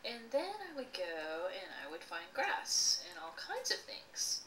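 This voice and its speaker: A woman slowly telling a personal childhood story with lively expression and occasional laughs. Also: medium pitch. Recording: echoey room, voice from a distance, faint noise.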